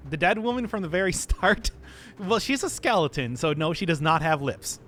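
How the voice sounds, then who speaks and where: A man's voice: sits high, normal speed, a bit bright, soft background music. A male streamer chatting casually and playfully with his audience, laughing often. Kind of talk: casual live-stream chat.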